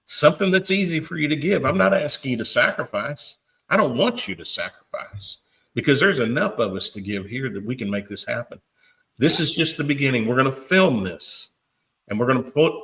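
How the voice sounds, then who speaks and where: A man's voice: mid-range voice, bright, forceful tone. A man hosting a podcast, making a fervent, emotional appeal while close to tears, often stumbling over repeated words. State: tearful. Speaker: podcast host. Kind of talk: impassioned appeal, preacher-like.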